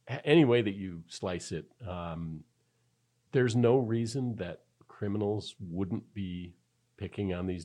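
A man with a very low voice talks through security news in a loose, conversational way. He is wry and chatty, co-hosting a casual podcast. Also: a little mellow. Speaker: podcast co-host. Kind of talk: casual tech podcast chat.

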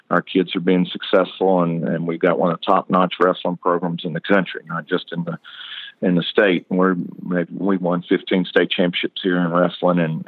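Southern coach, low flat voice, dry tinny phone line, easygoing and upbeat. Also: male voice, dry recording. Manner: easygoing, upbeat, many restarts. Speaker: football coach. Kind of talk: phone interview.

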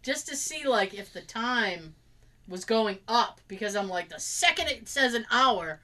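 An unhurried woman with a fairly high pitch chats casually about her job. Her storytelling is animated, complete with acted-out lines from coworkers.

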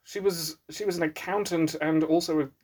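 A man's voice: on the high side, fairly even intonation, moderate pace, a little mellow, breathy edge. A man in casual podcast chat, thinking aloud about films with many fillers and restarts. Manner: hesitant, many likes and restarts, analytical. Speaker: podcast co-host. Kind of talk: casual film review chat.

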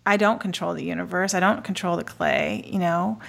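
A woman in her forties co-hosting a podcast, telling stories in a lively casual chat and swearing freely. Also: lowish voice, brisk, gravelly. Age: 40s. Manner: animated storyteller, swears freely. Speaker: podcast co-host.

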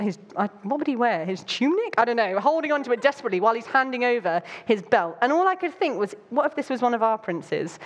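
Jokey woman giving a Bible talk. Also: fairly high pitch. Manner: chatty and jokey, with playful asides and bursts of animation.

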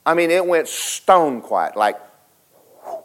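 A man preaching a sermon, telling a story dramatically, switching between loud and hushed and talking straight to the congregation. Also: on the high side, very animated, slow. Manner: folksy, speaks to the congregation directly.

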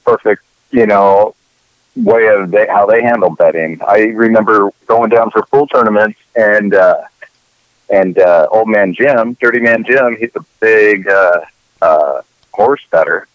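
Low-voiced man ranting casually. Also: unhurried, no echo, lo-fi sound. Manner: rambling, opinionated, profane. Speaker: podcast co-host. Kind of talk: casual chat.

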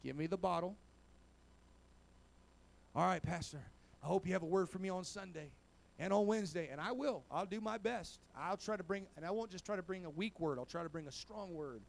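Preaching at a fairly quick clip, this man, a pastor, has a high-pitched, creaky voice. His talk is full of "amen" and "praise God," and it swings from soft asides to loud exhortation.

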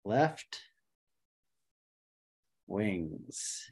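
A man co-hosting a casual sports podcast, excitable and swearing, muttering to himself as he searches. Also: fairly low pitch, very slow, breathy edge. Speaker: podcast co-host. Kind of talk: casual chat.

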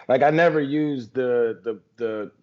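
A man co-hosting a podcast, talking in a relaxed, easygoing way. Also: medium pitch, a little slow. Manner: relaxed, easygoing, laughs often. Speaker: podcast co-host. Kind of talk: casual chat. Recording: dull lo-fi podcast audio.

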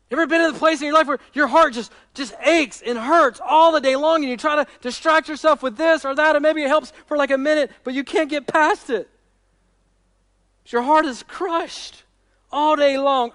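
A man with a strikingly high voice preaches a sermon, stacking up repeated phrases as his intensity climbs. The sound is dry and close. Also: fairly bright tone, dry recording. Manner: preaching with rising intensity and repetition. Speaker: pastor.

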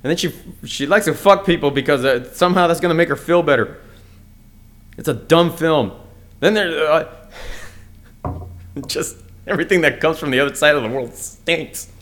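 Here a young American podcast host rants crudely and bluntly on his solo comedy show, often stumbling and starting over. His voice sits a little high and a bit bright, moving at a moderate pace with frequent pauses.

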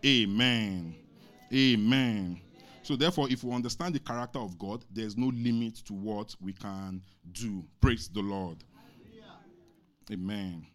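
A man preaching a sermon, reading scripture slowly, asking the congregation questions and pausing on many fillers. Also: fairly low pitch, a little mellow. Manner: asks the congregation questions and lets them answer; halting, many fillers and restarts.

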